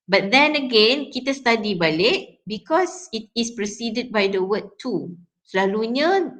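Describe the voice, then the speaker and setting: A young woman with a Malaysian English accent teaches a lesson on stress in English words. Her voice sits at a middle pitch, and she works through each example out loud, correcting herself as she goes. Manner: code-switches, talks through examples with frequent fillers and self-corrections. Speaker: English phonology lecturer. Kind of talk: classroom lecture on word stress.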